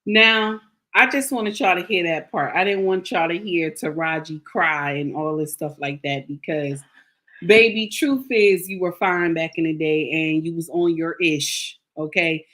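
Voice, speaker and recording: A woman's voice: deep voice, a little slow, a bit bright. An older woman, giving sassy, preachy commentary to her viewers. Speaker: commentary vlogger. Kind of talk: casual opinion commentary.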